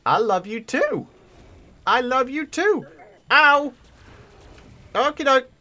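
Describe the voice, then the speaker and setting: A young man hosting a let's play, his voice pitched high and swinging widely as he chats through the action. His tone is bright and forceful, and he keeps up an excitable running commentary full of quick exclamations. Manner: chatty, excitable, exclaims often. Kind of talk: gameplay commentary.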